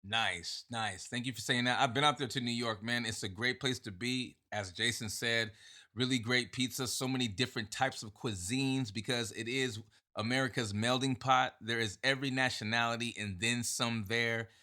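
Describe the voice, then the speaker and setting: Bright-voiced upbeat male podcast host. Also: medium pitch, steady tone, moderate pace. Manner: upbeat, affirming, slangy. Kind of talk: casual interview talk.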